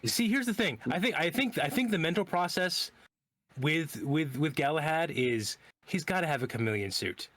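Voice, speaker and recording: A man's voice: fairly high pitch, animated, moderate pace, fairly bright tone, dry recording. A man playing a tabletop game, describing his character's actions in a rambling way with many repeated words. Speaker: player. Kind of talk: casual play at a tabletop game.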